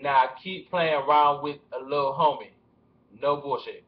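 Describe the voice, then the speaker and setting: A man putting on an impression of a swaggering male rapper, drawling profane threats slowly, recorded with dull lo-fi webcam sound. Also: mid-range voice, steady tone, lightly acted. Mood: menacing. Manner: menacing, profane, slow drawl.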